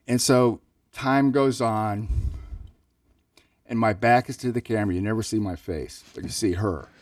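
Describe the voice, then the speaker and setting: A man's voice: fairly low pitch, a little slow, dry recording. Man telling a rambling story, acting out the dialogue, heard from a distance, dry sound. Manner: rambling, acts out dialogue, stammers on repeats. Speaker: podcast co-host, the host's father. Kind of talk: casual storytelling.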